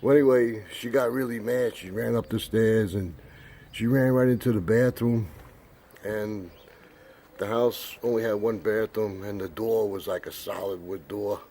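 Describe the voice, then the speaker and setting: An older man telling a rambling personal anecdote with many pauses. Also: on the low side, fairly even intonation, dark tone, slight background noise. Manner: rambling, many fillers and restarts. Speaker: storyteller.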